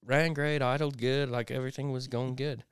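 A middle-aged man co-hosting a podcast, telling a rambling, animated story in casual chat, full of restarts and sound effects, on a close mic. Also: medium pitch, normal speed, clear, resonant tone, no room sound. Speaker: podcast co-host.

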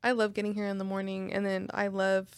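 A woman tattoo artist co-hosting a casual podcast, talking in a relaxed, candid way. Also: mid-range voice, fast, clean tone, no echo. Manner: relaxed, candid, says "like" often. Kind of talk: casual chat.

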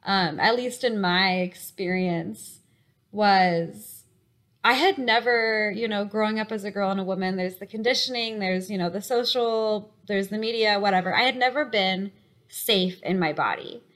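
A young adult woman co-hosting a podcast, talking openly and emotionally in casual chat, with quick bursts and many fillers. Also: mid-range voice, fairly bright tone. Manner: open, emotional, talks in quick bursts with frequent likes and you-knows. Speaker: podcast co-host.

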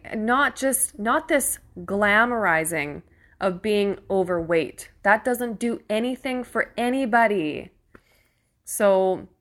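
A woman's voice: mid-range voice, bright, forceful tone. A young woman giving a casual opinion monologue as host, earnest and emphatic, swearing freely and laughing often, close to tears with emotion.

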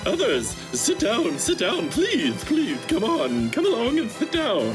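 A man's voice: extremely high pitch, huge pitch swings, a little slow, music in the background, voice pushed up, full character voice. A man voicing a tall, thin, eccentric male party host in a top hat, gushing and giddy. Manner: giddy, gushing, breaks into laughter.

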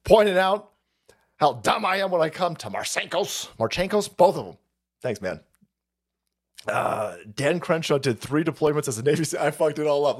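A man hosting a live stream, ranting in profane commentary, mocking his targets, laughing often and breaking into shouts. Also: fairly high pitch, animated, normal speed.

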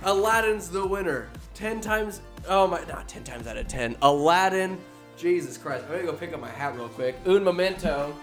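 Excitable man ranking movies, a bit tipsy. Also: high voice, moderate pace, over music. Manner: animated, swinging from musing to shouting; swears freely, talks to himself. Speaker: vlogger ranking films. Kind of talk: casual excited commentary.

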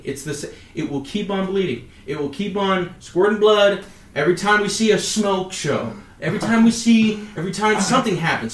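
A man co-hosting a casual podcast chat, animated and repetitive, often acting out his own inner voice. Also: high-pitched, reverberant. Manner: animated, acts out inner voices, repeats phrases. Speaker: podcast co-host.

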